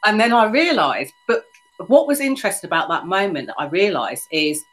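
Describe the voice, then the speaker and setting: A woman's voice: medium pitch, big pitch swings, brisk, fairly bright tone, low-quality recording. A woman hosting a podcast interview, telling a personal story in a reflective, conversational way. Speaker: podcast host.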